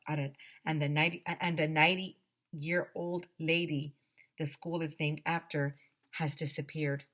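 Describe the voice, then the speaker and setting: A woman teacher reading a children's chapter book aloud to her class, expressive and gently dramatic. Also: low voice, a little slow.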